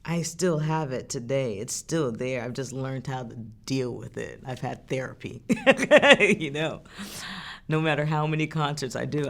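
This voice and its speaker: A woman's voice: very deep voice, normal speed. A woman singer from France speaking in a candid interview, telling stories in an earnest, heartfelt way with frequent restarts. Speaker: singer and songwriter.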